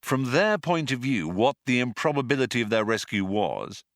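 A man's voice: medium pitch, very animated, moderate pace, fairly bright tone, no echo, studio quality. A man doing a vain, dopey space captain. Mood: offhand. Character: vain, scatterbrained male spaceship captain, playing dumb.

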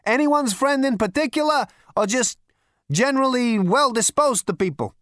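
Loud jumpy wisecracking space rogue, way higher than his own voice. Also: big pitch swings, a little slow, dry recording, clean studio sound. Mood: excited alarm. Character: brash excitable male ex-galactic president.

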